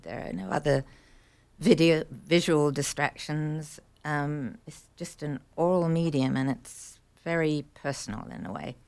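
A low-voiced woman radio host talks quickly and chattily on air. She sounds amused and relaxed, with an informal delivery. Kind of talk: casual radio chat.

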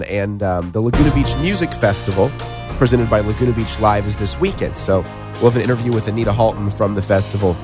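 A man co-hosting a local morning radio show, reading local news and chatting in a relaxed, easygoing way. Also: lowish voice. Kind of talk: casual local radio chat.

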